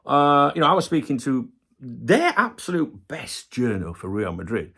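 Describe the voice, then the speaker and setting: A man's voice: medium pitch, sing-song, moderate pace, sharp tone, slightly rough. A middle-aged man hosting a football channel, ranting passionately and swearing heavily in a casual video.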